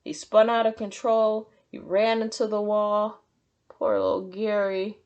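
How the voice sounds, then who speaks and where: A woman's voice: medium pitch, flat delivery, unhurried, a little mellow, smooth, lo-fi sound. A woman teacher reading a picture book aloud to children, stopping to ask them questions. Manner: sympathetic, asks questions.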